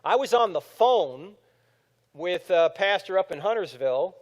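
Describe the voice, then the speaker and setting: Animated man in his fifties, hall echo. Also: sits high, unhurried. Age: 50s. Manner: animated storytelling, acting out quotes. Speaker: speaker. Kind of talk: apologetics talk to a live audience. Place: large room with audience. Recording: long hall reverb.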